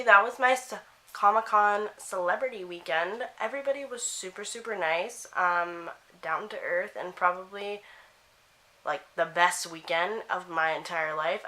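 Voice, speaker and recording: A young woman chatting excitedly to camera in a casual vlog while doing her makeup at home. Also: on the low side, moderate pace. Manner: gushing, excitable storytelling. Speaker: vlogger. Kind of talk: casual chat.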